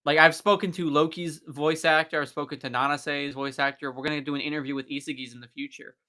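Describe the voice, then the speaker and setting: A man's voice: on the high side, fairly even intonation, quick pace, pushed and bright. A man hosting a casual live stream chat, talking eagerly and explaining things at length. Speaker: host.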